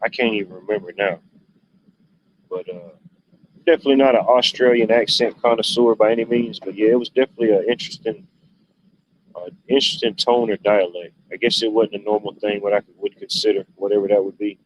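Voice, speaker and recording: A man's voice: fairly low pitch, fairly even intonation, brisk. A man hosting a livestream, rambling through stories in a laid-back, casual way with loose, drawling turns of phrase. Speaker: livestream host. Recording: dull lo-fi stream audio, faint noise.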